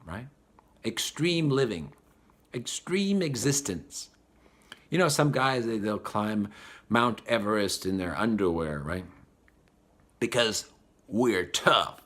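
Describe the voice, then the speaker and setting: A man giving a spiritual talk, animated and acting out the voices of the people he describes. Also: fairly low pitch, slow pace, long pauses. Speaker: spiritual teacher.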